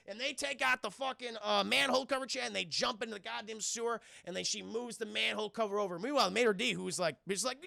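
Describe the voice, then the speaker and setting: A man excitedly recapping a film scene by scene for his live chat, swearing freely and talking straight to the viewers. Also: sits high, fast, creaky, hardly any pauses, no echo, studio quality. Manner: excitable, profane, keeps addressing chat. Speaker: streamer reviewing a film.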